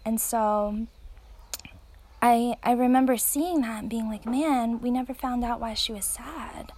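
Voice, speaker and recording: A thirty-something woman reflects out loud while standing outside. She talks in an earnest, thoughtful way, pausing on fillers and restarting her sentences. Her voice sits at a middle pitch with a gravelly, creaky texture. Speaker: parent sharing reflections. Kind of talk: casual spoken reflection. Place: outdoors.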